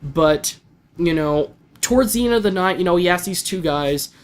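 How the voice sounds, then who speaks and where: A man's voice: sits high, lively intonation, normal speed. A young man giving a casual, rambling spoken review of an anime episode, full of fillers and restarts.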